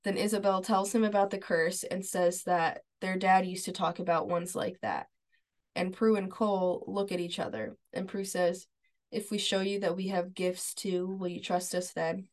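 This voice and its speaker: This podcast co-host, a woman with a fairly low, steady voice speaking at normal speed, chats casually through a TV episode recap, narrating scenes step by step. She's easygoing and agreeable, filling her speech with "like" and "yeah."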